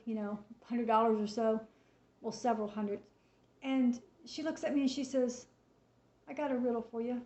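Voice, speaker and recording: A high-voiced woman tells a personal faith testimony in a casual, chatty way, acting out each exchange as she retells it. Her voice comes through an echoey room on a muffled, lo-fi recording. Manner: chatty, animated retelling with quoted dialogue. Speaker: storyteller sharing a faith testimony. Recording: echoey room, dull lo-fi sound.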